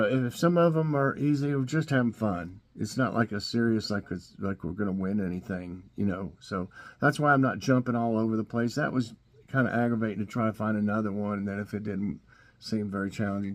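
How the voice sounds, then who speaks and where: A man's voice: lowish voice, a little fast. A middle-aged man with a Southern US accent, casually reading trivia questions and joking about the silly answers with plenty of chuckles. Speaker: host.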